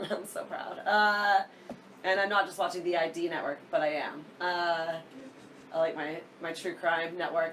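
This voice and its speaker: A woman's voice: fairly low pitch, a bit bright, recorded from a distance, slight background noise. Giggly woman co-hosting a casual chat. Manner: giggly, chatty, trails off in restarts. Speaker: podcast co-host.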